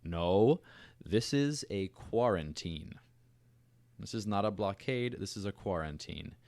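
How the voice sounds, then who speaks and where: A man's voice: fairly low pitch, expressive, slow pace, a little mellow, dry recording. A man doing an impression of a male US president making a stern, formal televised address. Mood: insistent.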